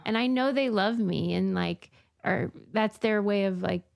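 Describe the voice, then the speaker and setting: A woman's voice: medium pitch, a little slow, creaky. A woman co-hosting a podcast, talking candidly and reflectively in casual chat, swearing now and then. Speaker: podcast co-host.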